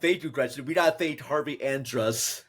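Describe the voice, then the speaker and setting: A man from Minnesota hosting a casual podcast chat, rambling and halting with lots of fillers. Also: medium pitch, breathy edge. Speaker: podcast host.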